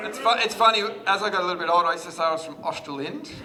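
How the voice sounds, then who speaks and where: A man's voice: sits high, rapid-fire, very noisy. An Australian man in his thirties giving a chatty, self-deprecating wedding speech as the groom, laughing often. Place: wedding reception hall. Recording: guest chatter in a large hall. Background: crowd of guests.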